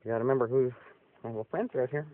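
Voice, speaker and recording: A man's voice: very fast, slight background noise. Man cooing at pets, tinny audio. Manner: coos in a high sing-song voice at the animals. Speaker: pet owner filming his foxes. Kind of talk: casual talk to animals. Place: outdoors by a barn.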